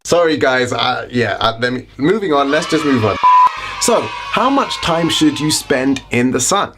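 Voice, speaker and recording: A man's voice: medium pitch, animated, a little slow, creaky, over loud music. This is a British man hosting his own wellness vlog and talking straight to the camera. He is chatty and keeps breaking off for jokey, self-deprecating asides before getting back to explaining things. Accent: British English. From Britain. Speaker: wellness vlogger.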